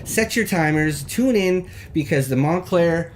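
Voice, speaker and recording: A man hosting a live call-in show, reading mock local news in a rambling, deadpan, jokey way that stumbles over words. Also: fairly high pitch, unhurried, slight background noise.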